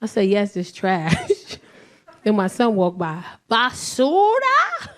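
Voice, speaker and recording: On a comedy club stage, a middle-aged woman with a medium-pitched voice delivers a loud, brash, profane stand-up set, playing characters in rapid voices. The audience laughs behind her in this live club recording with a faint crowd.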